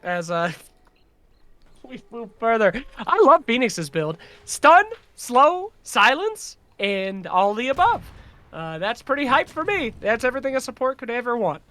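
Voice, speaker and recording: A man calling esports play-by-play, quick and excitable, who swears now and then. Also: very high-pitched. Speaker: caster.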